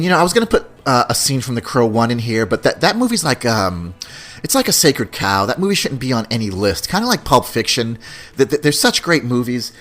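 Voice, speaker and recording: A man hosting a podcast, talking in a casual, rambling way with a lively, swinging pitch. He laughs often and keeps things loose and animated. Faint music plays behind him. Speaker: podcast host.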